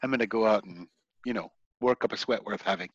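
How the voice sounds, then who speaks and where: A man doing a sharp-tongued strapping wife. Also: on the low side, quick pace, slightly rough, no echo, highs cut off. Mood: dismissive.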